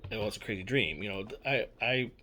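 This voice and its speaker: A man's voice: lowish voice, animated, fairly quick, pushed and bright. Young man, casual storyteller; loose, repetitive, swears a lot. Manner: rambling, repeats himself, many fillers and swearing. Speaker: storyteller recounting a personal experience. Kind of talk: casual spoken account.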